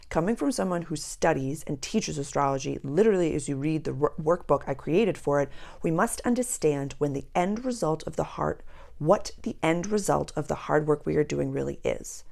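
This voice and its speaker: Young female astrology vlogger, deep gravelly voice, rambling casual chat to camera. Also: expressive, moderate pace, darkish tone. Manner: chatty and rambling, drops to a whisper at times. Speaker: astrology channel host. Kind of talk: casual spiritual talk to camera.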